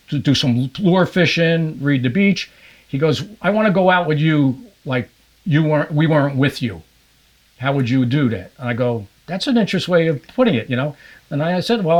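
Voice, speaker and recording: An older man from New Jersey, a podcast guest and fishing guide, telling stories in a casual interview and acting out other people's voices. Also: mid-range voice. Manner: animated, acts out the voices of others in his anecdotes.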